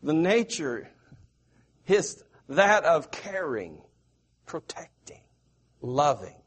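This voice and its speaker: A man's voice: on the high side, very animated. A middle-aged man from the American South, preaching a sermon and asking his listeners questions. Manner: slow, repetitive, asks the audience questions.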